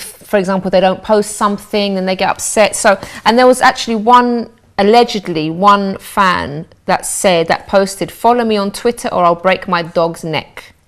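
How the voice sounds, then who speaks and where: Animated woman hosting a talk show. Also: medium pitch. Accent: London English. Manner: animated, repeats words when starting a thought. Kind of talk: studio talk show chat. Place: living-room studio.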